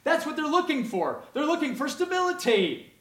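Impassioned male preacher with lively pitch. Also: moderate pace. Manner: impassioned, swings from soft to loud cries; acts out quoted voices. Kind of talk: sermon.

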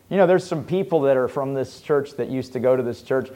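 A male pastor preaching a sermon, dropping to hushed low asides and rising to loud fervent pleading. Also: fairly quick, few pauses.

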